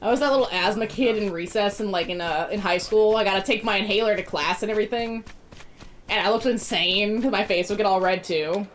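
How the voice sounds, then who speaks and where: A woman's voice: medium pitch, fairly quick, slight background noise. A woman streaming a video game, chatting casually in a rambling way and laughing often. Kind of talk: casual chat while gaming.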